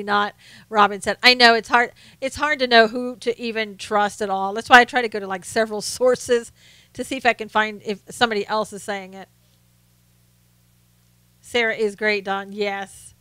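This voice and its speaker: Woman, live stream host, chatty, laughing, clear smooth tone, dry recording. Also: a little high, fairly even intonation, moderate pace, bright, forceful tone, no echo. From American South. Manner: chatty, laughs often, acts out anecdotes. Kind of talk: casual political chat reading viewer comments.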